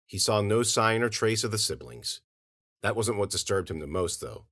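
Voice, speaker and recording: A man narrating audio fiction in an expressive storytelling manner. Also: on the low side, normal speed.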